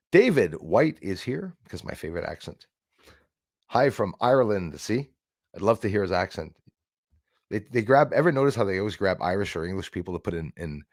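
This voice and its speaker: A man's voice: on the low side, vocal fry, no room sound, studio quality. A man hosting a casual live stream, rambling and greeting chat viewers by name.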